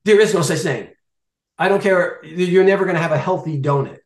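A man in his fifties talks about food choices in a lively, animated way, slipping into mock voices as he plays out what shoppers think. His voice sits a little high for a man. The recording carries a noticeable room echo. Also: a little fast. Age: 50s. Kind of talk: casual chat.

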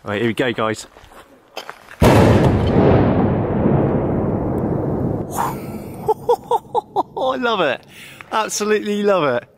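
A man casually narrating a travel vlog outdoors, chatty, excitable and jokey. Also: high-pitched, brisk, heavy background noise. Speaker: vlogger exploring abandoned places. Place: outdoors in an abandoned zone.

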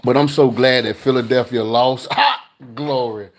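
An older man hosts a live cooking stream, easygoing and talkative. His voice sits at an ordinary middle pitch, and he keeps up a loose, slangy chat with viewers while greeting them and reading their comments out loud. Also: steady tone, moderate pace, noisy background. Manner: laid-back with slangy asides. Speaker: cooking channel host.

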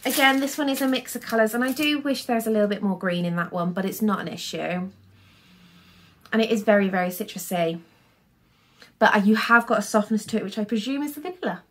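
A woman's voice: fairly high pitch, fairly quick, a bit bright. A young woman in a casual haul vlog, talking in a chatty, rambling way full of fillers. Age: young adult. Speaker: vlogger.

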